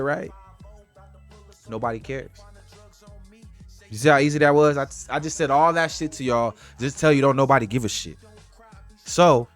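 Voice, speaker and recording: A man delivers a blunt, profane motivational talk straight to the camera. His pitch sits in an ordinary middle range. Faint music plays under the voice. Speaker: vlogger giving life advice. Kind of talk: casual motivational monologue to camera.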